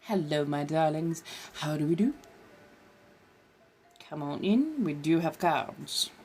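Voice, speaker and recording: A woman's voice: sits low, lively intonation, slow pace, darkish tone, slight background noise. A woman hosting a live stream in character as an ancient vampire, chatting and reading tarot with theatrical, old-fashioned genteel phrasing.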